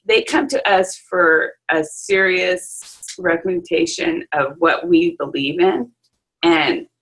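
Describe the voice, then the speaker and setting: A chatty salon owner talks over a video call, with a low, gravelly voice and a husky edge. She tells her stories in a lively way, full of "you know" and "um". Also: rough recording. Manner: chatty, animated storytelling with fillers. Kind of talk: casual chat on a video call.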